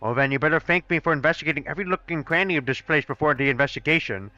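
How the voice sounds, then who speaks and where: A young man playing through a fan game live, voicing characters in an excitable, swearing, mock-outraged way, on a dull, dry recording. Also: a little high, very fast, no room sound, soft background music. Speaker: let's play gamer voicing a fan game. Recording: dull, dry close-mic sound.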